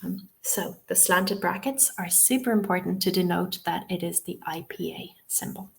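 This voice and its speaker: A woman's voice: on the low side, normal speed, creaky. A woman leading an online lesson as a teacher trainer, explaining patiently and often checking in with "okay?". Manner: reassuring, frequent "um" and "okay?" check-ins. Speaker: TEFL trainer. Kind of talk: webinar lesson.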